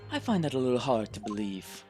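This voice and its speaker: A man's voice: medium pitch, big pitch swings, fairly quick, warm tone, faint music behind, pitched below the performer's own voice, lightly acted. A man voicing an earnest young male defense lawyer, speaking in a hesitant, questioning way. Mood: doubtful.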